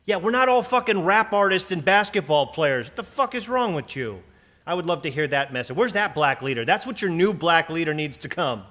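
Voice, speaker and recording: A man hosting a livestream, ranting in a casual, profane, animated way with sarcastic asides. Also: a little high, a little fast. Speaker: livestream host.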